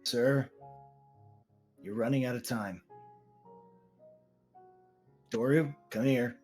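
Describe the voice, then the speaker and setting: A man voicing a calm, formal armored warrior who addresses others as sir. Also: mid-range voice, drawn-out words, soft background music. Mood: firm.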